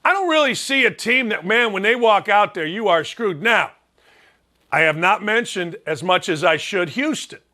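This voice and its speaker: Chicago-accented male sports host, high voice, blunt and fired-up, rambling solo talk. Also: lively intonation, normal speed, sharp tone. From Northwest Indiana.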